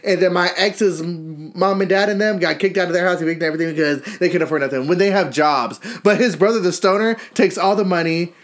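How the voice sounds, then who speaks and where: A young man co-hosting a podcast, telling profane, animated gossip stories and mocking other people's voices. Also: high-pitched, quick pace, hardly any pauses. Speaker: podcast co-host. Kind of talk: casual gossip chat.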